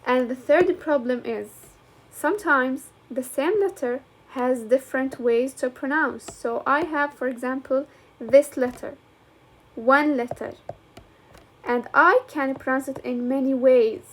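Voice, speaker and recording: A young woman with a Levantine Arabic accent, explaining slowly and deliberately, with frequent fillers. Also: high-pitched, a little hiss or hum. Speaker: English teacher. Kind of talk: classroom lecture.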